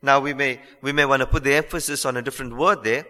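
Male preacher, earnest and repetitive, bright tone, reverberant church hall. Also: medium pitch. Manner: earnest, repeats phrases for emphasis, slows on key lines. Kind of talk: sermon.

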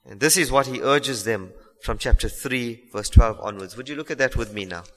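A man preaching with a bright, forceful voice, earnest and emphatic, pressing his listeners with rhetorical questions. His voice rings through a church hall with a long reverb tail. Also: medium pitch, moderate pace. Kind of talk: sermon.

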